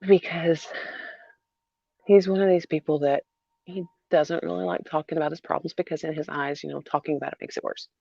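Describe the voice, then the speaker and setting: Gravelly-voiced woman venting haltingly. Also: sits low, fairly even intonation, dark tone, no room sound, muffled recording. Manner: halting, repeats herself, many fillers. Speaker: mother vlogger. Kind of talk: emotional personal vlog.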